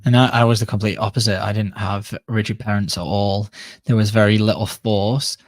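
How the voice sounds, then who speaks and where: Male co-host, low and even voice, dry close sound. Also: a little fast, no echo. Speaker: podcast co-host. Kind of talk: casual podcast chat.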